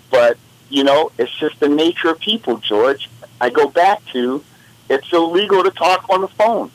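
A man's voice: fairly high pitch, moderate pace, poor audio. A man co-hosting a radio show, rambling in casual chat and getting worked up as he tells stories. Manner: animated, rambling, exasperated storytelling. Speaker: radio co-host.

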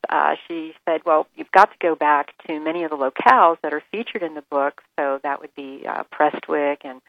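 A woman author telling stories as a radio guest, enthusiastic and animated. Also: deep voice, dry recording, narrow, tinny audio. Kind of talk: radio interview.

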